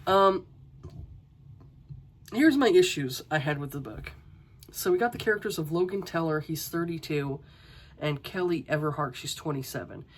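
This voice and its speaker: A woman's voice: deep voice, expressive, normal speed, pauses often. A woman giving a casual, exasperated book review, ranting with swearing and rhetorical questions.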